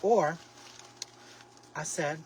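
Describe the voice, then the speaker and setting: A man hosting a casual craft livestream, chatting to viewers in a sassy, expressive way with lots of exclamations. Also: on the high side, drawn-out words, recorded from a distance. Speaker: livestream host making a craft basket. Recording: steady background noise.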